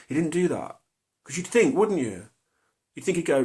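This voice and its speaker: A man's voice: fairly high pitch, big pitch swings, moderate pace, pauses often, a little mellow. A middle-aged man tells a personal story to camera, hesitant and confessional, full of fillers and restarts. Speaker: vlogger.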